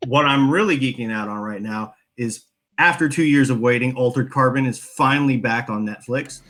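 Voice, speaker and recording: A man co-hosting a casual podcast, laid-back and joking, tripping over restarts when excited. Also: mid-range voice, normal speed. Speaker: podcast co-host.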